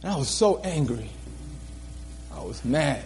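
A man's voice: mid-range voice, big pitch swings, a little slow, a little mellow, in a large hall, a little hiss or hum. A man preaching a sermon, telling his own story earnestly, repeating phrases for emphasis and laughing at himself. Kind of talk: sermon testimony.

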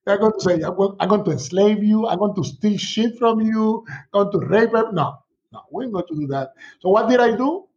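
A middle-aged man, a sociology professor, telling stories in a casual conversation, animated and laughing often. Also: sits high, brisk, lo-fi sound, a little hiss or hum. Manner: animated storyteller, laughs often, acts out quotes.

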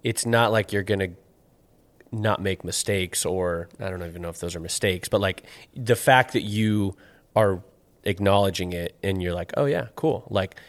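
A man's voice: low-pitched, normal speed. A man hosting a casual conversation, asking questions and responding in a supportive, thoughtful way. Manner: supportive, thoughtful, many fillers.

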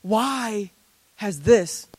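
A pastor in his thirties with a high, bright-sounding voice delivers an animated sermon to a church congregation. His delivery is conversational and peppered with joking asides, and the sound is close and dry with no room echo. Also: extremely slow, breathy edge. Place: church service before a congregation.

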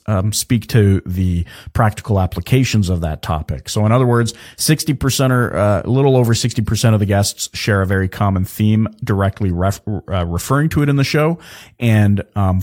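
A man hosting his own podcast, talking in an energetic, chatty way with lots of fillers and restarts. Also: on the low side. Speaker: podcast host. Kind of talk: casual solo podcast talk.

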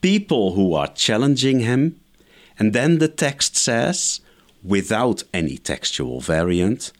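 A man's voice: on the low side, very animated, slow pace. A man, a scholar guest in an interview, giving methodical explanatory answers point by point. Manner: lecturing, methodical, enumerates points.

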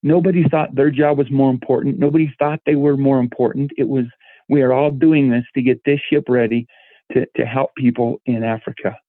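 A man's voice: medium pitch, fairly even intonation, fairly quick, no echo. Earnest middle-aged man on a phone line. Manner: earnest, restarts words often. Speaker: volunteer guest. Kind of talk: casual interview.

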